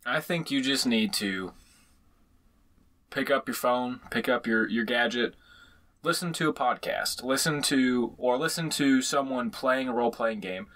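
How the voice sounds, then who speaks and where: Podcast player, male, bright, relaxed and musing. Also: medium pitch, a little slow. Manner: relaxed, musing, with "you know" fillers. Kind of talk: casual tabletop game podcast chat.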